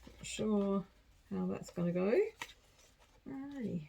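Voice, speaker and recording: A woman's voice: mid-range voice, takes it slowly, creaky, mellow, slightly rough, poor audio. A woman giving a casual collective tarot reading, chatty and rambling, often laughing at herself. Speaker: tarot card reader.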